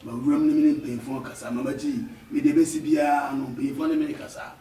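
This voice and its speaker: A Ghanaian man bantering loudly in a comedy skit, laughing often. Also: a little high, expressive, a little fast, gravelly. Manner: loud, boisterous pidgin banter, laughing often. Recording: echoey room from far off, faint noise.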